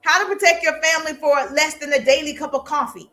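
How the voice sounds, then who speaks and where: A woman's voice: high-pitched, a little fast, few pauses, pushed and bright. A woman marketing coach giving an emphatic, playfully sarcastic motivational lesson. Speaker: social media marketing coach. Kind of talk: live motivational teaching talk.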